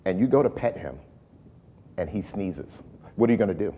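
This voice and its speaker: A man's voice: low-pitched, normal speed, husky. A man chatting as a guest on a talk show, telling stories and acting out what people said. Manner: storytelling, animated when acting out quotes. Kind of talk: casual talk-show chat.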